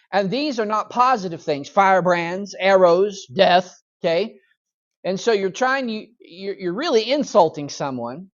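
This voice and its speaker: A man's voice: sits high, muffled recording. A male pastor leading a Bible study in church, talking conversationally, often checking in with "okay?" and briefly acting out voices. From United States.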